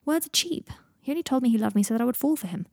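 A blunt, bossy young woman with a tart, teasing tongue, read by a woman narrator. The tone is mellow and husky, and the recording is close and dry, without any room sound. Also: fairly high pitch, expressive, very fast, no room sound, voice pushed up.

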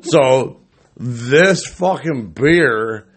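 A man's voice: mid-range voice, lively intonation, extremely slow, slightly rough. Rambling, swearing podcast storyteller man. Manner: rambling, repeats words, swears. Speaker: podcast co-host. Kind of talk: casual storytelling.

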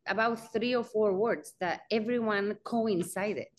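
A woman's voice: mid-range voice, a little slow. A woman talking as a guest in an interview, telling a personal story with animation and acting out the quoted dialogue. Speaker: guest, real estate company founder.

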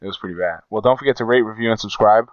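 A man's voice: on the low side, racing, dry recording, highs cut off. A man co-hosting a casual podcast, swearing freely and acting out the quotes in his stories. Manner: profane, storytelling, acts out quotes. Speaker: podcast co-host.

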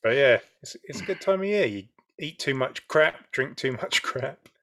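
Jokey young podcast host. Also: male voice, mid-range voice, animated, moderate pace, gravelly, bright, forceful tone. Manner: jokey, upbeat. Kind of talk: casual chat.

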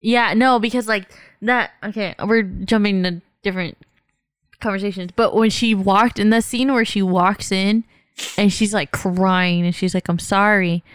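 A young adult woman in casual chat who laughs often and tells stories quickly and with animation. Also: mid-range voice, fairly even intonation, clear, resonant tone, dry recording.

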